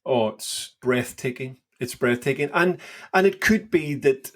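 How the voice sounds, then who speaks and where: A man's voice: medium pitch, measured pace. A man co-hosting a casual Bible podcast, his voice sitting in a middling register. He talks with eager enthusiasm and keeps circling back over his own words as he works an idea out aloud. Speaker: podcast co-host.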